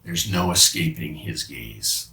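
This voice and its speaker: A man playing the apostle Peter as a remorseful fisherman, confessing haltingly in a dramatic monologue with many restarts. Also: a bass voice, animated, vocal fry, pushed and bright, slight background noise, heavily acted. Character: remorseful male fisherman apostle, middle-aged, haunted by guilt. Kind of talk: dramatic first-person monologue. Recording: roomy sound from a distant mic.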